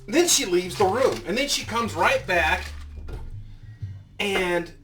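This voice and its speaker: High, lively man in his fifties ranting. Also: takes it slowly, recorded from a distance, faint music behind. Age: 50s. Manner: profane, heated ranting. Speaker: vlogger. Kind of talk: casual storytelling.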